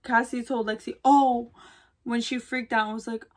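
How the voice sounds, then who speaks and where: A woman's voice: on the high side, little pitch movement, moderate pace. A young woman vlogger who chats casually while doing her makeup. She gushes and gossips in slangy talk with lots of "like". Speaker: beauty vlogger. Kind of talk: casual chat during a makeup tutorial.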